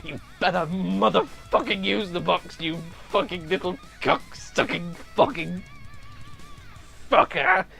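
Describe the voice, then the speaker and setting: A man's voice: sits high, slow, vocal fry, sharp tone, soft background music, exaggerated voice. A man voicing a menacing, foul-mouthed alien woman who snarls threats. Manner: snarling, profane.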